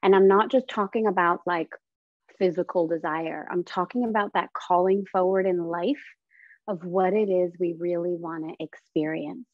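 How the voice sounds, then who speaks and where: A woman's voice: on the low side, fairly even intonation, normal speed, dry recording. Woman guest; earnest, reflective, dry and slightly dull lo-fi sound. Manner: earnest, reflective, acts out inner voices in quotes. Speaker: guest, business founder. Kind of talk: casual interview conversation.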